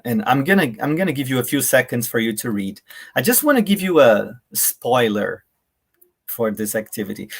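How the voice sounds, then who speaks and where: A man's voice: mid-range voice, vocal fry. A man giving a live online workshop, addressing viewers directly in a friendly way and demonstrating intonations aloud. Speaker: workshop presenter. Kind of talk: live online teaching talk.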